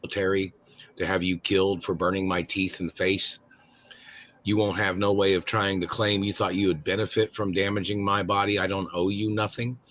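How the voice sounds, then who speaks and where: A man calling into a livestream, ranting angrily with constant cursing and shouted accusations. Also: low voice, little pitch movement, moderate pace. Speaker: caller on a livestream. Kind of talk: angry profane rant.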